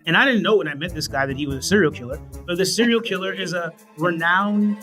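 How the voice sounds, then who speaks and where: Brief: realtor man, bright tone, rambling telling, faint music beneath. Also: sits high, fast. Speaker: real estate agent. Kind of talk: conversational anecdote.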